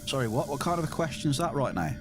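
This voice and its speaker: Male game streamer, easygoing chat to viewers, medium pitch. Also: very animated, rapid-fire, music in the background. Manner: chatty, addresses chat directly. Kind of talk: casual live-stream chat while gaming.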